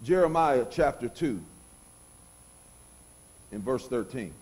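A middle-aged man preaching a sermon in a church, moving from soft passages to loud outbursts. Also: medium pitch, lively intonation, slow pace, husky. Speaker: pastor.

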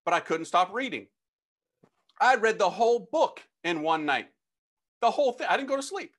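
A middle-aged priest tells his conversion story as a lively, slangy testimony, acting out the dialogue. His voice sits high, at normal speed.

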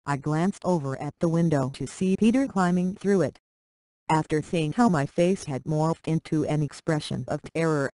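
A computer voice reading a first-person short story aloud in an even, flat delivery. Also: mid-range voice, dry recording, low-quality recording. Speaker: narrator.

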